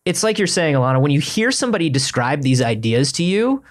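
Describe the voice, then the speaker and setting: A man's voice: a little high, sing-song, fast. A man guest chatting casually and animatedly, swearing freely. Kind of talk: casual chat.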